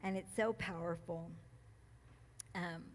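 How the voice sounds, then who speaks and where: A woman speaking at a church gathering, reading a passage and reflecting on it, emotional and quick to laugh, with many ums and restarts. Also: on the low side, fairly even intonation. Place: church meeting room.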